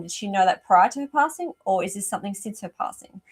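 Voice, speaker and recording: A woman's voice: medium pitch, sing-song, a little fast, fairly bright tone, slight background noise. Chatty middle-aged woman, rooster outside. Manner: chatty, effusive, breaks off mid-sentence. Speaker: animal communicator, host. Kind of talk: live-stream psychic reading. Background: rooster crowing outside.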